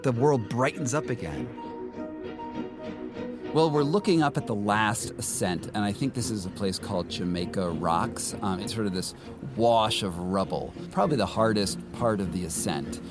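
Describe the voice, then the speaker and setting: A man's voice: lowish voice, moderate pace, over music. A man telling his own story casually, acting out quotes in a raised voice. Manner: animated, acts out quotes in a raised voice. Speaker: interviewee recounting a climb.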